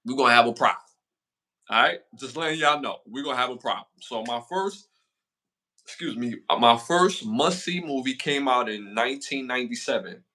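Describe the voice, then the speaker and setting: Bright-voiced animated man, casual host. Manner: animated, slangy, jumps high in pitch when excited. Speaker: podcast co-host. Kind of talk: casual chat.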